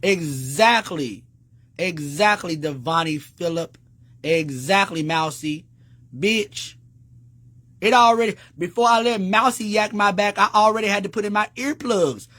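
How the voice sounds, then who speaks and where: A man's voice: measured pace, fairly bright tone, no room sound. Sassy, profane man ranting on a livestream. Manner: flamboyant, sassy and profane, with big swings in pitch. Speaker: livestream host. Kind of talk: casual livestream rant.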